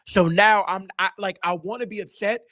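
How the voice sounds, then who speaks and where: Host, male, fairly high voice, heated slangy delivery, dry close mic. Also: fairly even intonation, normal speed, fairly bright tone, dry recording. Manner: emphatic, heated ranting in slang. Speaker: podcast host. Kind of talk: casual sports and culture talk.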